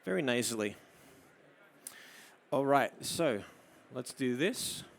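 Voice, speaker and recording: A man with an Australian accent giving a live photography demo, explaining his camera settings and coaxing a model with soft murmured praise. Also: medium pitch, lively intonation, takes it slowly, vocal fry, a little hiss or hum. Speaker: photography presenter. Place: studio demo before an audience.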